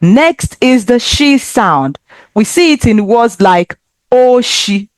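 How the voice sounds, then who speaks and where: A woman teaching a children's language lesson, speaking slowly and with careful, encouraging enunciation. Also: fairly high pitch, expressive, no room sound, studio quality.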